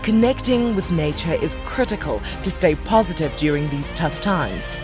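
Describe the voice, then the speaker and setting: Woman narrator, deep-ish voice, calm scripted read, music behind. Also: normal speed.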